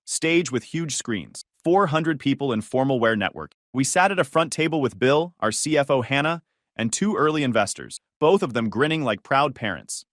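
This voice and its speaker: A man narrating a first-person family drama story in a dramatic, expressive storytelling manner. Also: mid-range voice, normal speed, no echo, clean studio sound.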